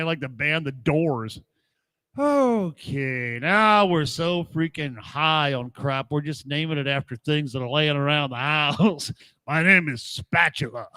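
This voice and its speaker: Brief: middle-aged host, sarcastic and mocking, bright tone, dry close sound. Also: male voice, a little high, clean tone, no room sound. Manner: sarcastic, mocking, chuckles often. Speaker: podcast host playing old records. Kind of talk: casual rant.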